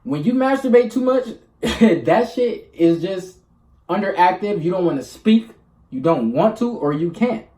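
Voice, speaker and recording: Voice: mid-range voice, lively intonation, a little slow, dark tone. A vlogger talking to camera in a loose, rambling, blunt and profane monologue. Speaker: spiritual vlogger. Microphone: camera mic. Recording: echoey room.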